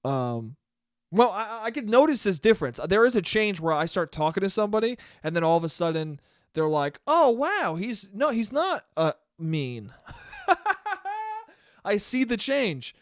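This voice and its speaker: A man's voice: a little high, big pitch swings, moderate pace, clear, resonant tone, dry recording, studio quality. A young man hosting a solo podcast, telling a rambling, profane, self-deprecating story in a casual monologue. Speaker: podcast host.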